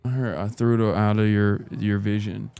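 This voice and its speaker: A man's voice: fairly low pitch, level tone, moderate pace, vocal fry, darkish tone, smooth. A man hosting a livestream, bantering and joking with his guests. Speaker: streamer host. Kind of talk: casual chat on a livestream.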